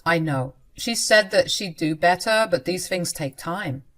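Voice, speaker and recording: A woman's voice: lowish voice, lively intonation, measured pace. A woman doing an earnest pleading young husband. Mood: soothing. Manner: soft, earnest, apologetic.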